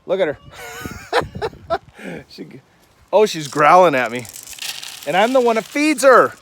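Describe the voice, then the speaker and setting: A man's voice: high-pitched, big pitch swings, measured pace, a bit bright, a little hiss or hum. Rambling man chatting to farm animals. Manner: rambling, chats fondly to his animals. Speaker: Christian vlogger. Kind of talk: casual devotional vlog during farm chores. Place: outdoors on a rainy farm and in a chicken coop. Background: chickens clucking nearby.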